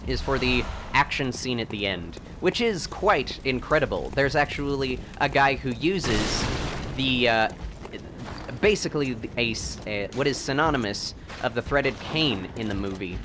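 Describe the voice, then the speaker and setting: A man hosting a video game playthrough, rambling and excitable, and laughing often as he plays. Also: medium pitch, unhurried, background noise. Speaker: let's play host. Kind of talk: gameplay commentary.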